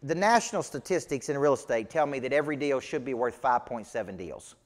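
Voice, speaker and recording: A man's voice: medium pitch, expressive, fairly quick, in a large hall. A man with a Southern US accent, coaching a live seminar audience in an emphatic, folksy way full of rhetorical questions. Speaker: business coach. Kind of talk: motivational seminar teaching.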